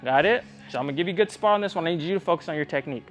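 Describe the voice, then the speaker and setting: A man's voice: a little high, rapid-fire, fairly bright tone, soft background music. A man coaching a young athlete one-on-one in a gym, speaking directly and earnestly, often checking whether she believes him. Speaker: tumbling coach.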